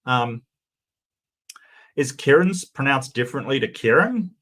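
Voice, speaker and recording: A man's voice: mid-range voice, lively intonation, measured pace, fairly bright tone. A man hosting a casual livestream, reading forum posts and chat comments aloud and chatting about them.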